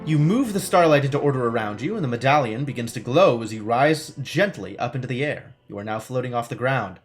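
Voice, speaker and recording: Guy on stream reading a gamebook out loud, lively ups and downs, dry little asides. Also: mid-range voice, a little fast, faint music behind. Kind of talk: reading aloud a gamebook while playing live.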